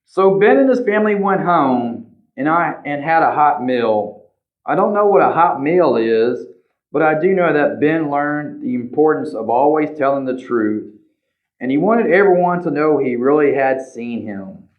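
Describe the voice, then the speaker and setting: A man reading a picture book aloud to children as a librarian, animated, pointing out the pictures and asking questions. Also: fairly high pitch, normal speed. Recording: slightly dull lo-fi recording.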